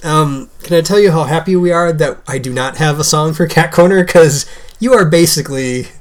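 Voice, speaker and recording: A woman's voice: deep voice, normal speed, darkish tone. A woman co-hosting a podcast in casual chat, joking and teasing and laughing often. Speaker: podcast co-host.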